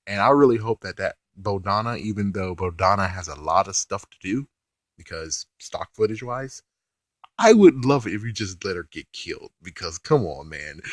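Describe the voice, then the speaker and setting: Lower-voiced man ranting casually. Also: no room sound, studio quality. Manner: animated, swears casually, laughs often. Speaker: TV episode reviewer.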